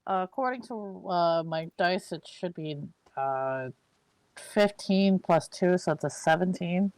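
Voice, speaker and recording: A woman chatting as a player in a tabletop game over an online call, a little hesitant and halting. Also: on the low side, a little mellow, clear, resonant tone, no echo. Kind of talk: casual game chat.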